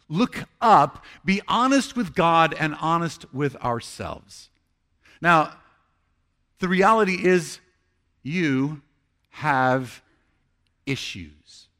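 A man's voice: a little high, pushed and bright. A man preaching a sermon as pastor, conversational and earnest, acting out heartfelt prayers.

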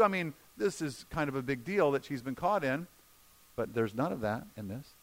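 A male pastor preaching a sermon, shifting between emphatic points and hushed, slow retellings of scenes. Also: mid-range voice. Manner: expressive, drops to a hushed voice for quoted scenes.

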